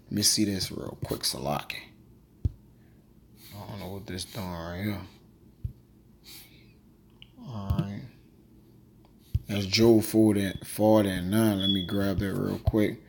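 A man teaching a quick, informal scripture lesson, reading verses aloud and peppering his talk with "man" and "all right". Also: on the low side, steady tone, creaky, noisy background. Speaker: Bible teacher.

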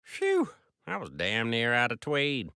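A man's voice: medium pitch, huge pitch swings, slow, heavy background noise, exaggerated voice. A man voicing a pompous, tweedy therapist in a cartoon with a musing manner.

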